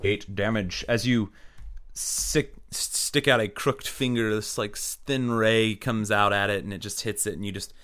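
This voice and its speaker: A man's voice: lowish voice, steady tone, normal speed, fairly bright tone. A man narrating as dungeon master in a loose, casual way, full of filler words. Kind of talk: narrating a tabletop game.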